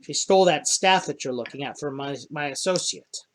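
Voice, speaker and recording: A sly, suspicious gnome warden captain, put on by a man. His voice sits a little high, and he keeps his tone hushed and probing. He needles strangers with pointed questions in a tabletop fantasy game. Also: fairly quick, natural voice.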